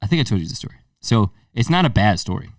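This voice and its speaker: Animated young man telling a story. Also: fairly low pitch, fast talker, dry recording, studio quality, far from the mic. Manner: animated, swearing, acts out quoted lines. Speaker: podcast co-host. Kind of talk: casual storytelling chat.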